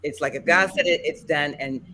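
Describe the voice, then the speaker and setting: A woman's voice: low-pitched, a little fast, sharp tone, a little hiss or hum. A daughter speaking as a panel guest, telling stories animatedly and mimicking her mother. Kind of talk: casual panel chat.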